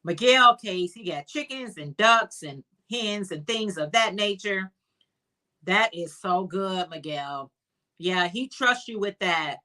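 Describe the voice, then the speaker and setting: Woman, Chicago accent, livestream host; bright, chatty, upbeat delivery reading viewer comments. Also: mid-range voice, animated, slow pace. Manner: chatty and upbeat, greets viewers by name, calls them honey.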